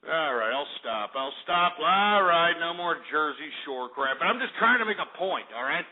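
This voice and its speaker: A man's voice: on the high side, animated, normal speed, hardly any pauses. A man hosting a talk radio show, ranting in a profane, exasperated way about the news and market prices. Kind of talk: opinionated talk radio rant. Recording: tinny phone-like line.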